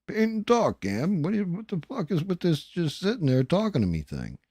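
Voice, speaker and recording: A man voicing an angry, impatient, bossy man who yells and curses. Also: a little high, wildly swooping pitch, fairly quick, husky, no echo, voice pushed up, full character voice. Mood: exasperated yelling. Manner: shouting, cursing.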